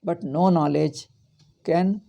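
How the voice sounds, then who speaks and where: A man's voice: on the high side, slow pace, vocal fry, warm tone. A man with an Indian accent giving a Vedanta lecture as a swami, emphatic and repeating his points with rhetorical questions. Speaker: swami teacher.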